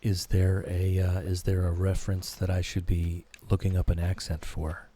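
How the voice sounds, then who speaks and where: A man giving slow, soothing, soft-spoken commentary while playing a game for sleepy viewers. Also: low voice, monotone, breathy edge. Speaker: streamer. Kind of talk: calm gameplay commentary for sleep. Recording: background music.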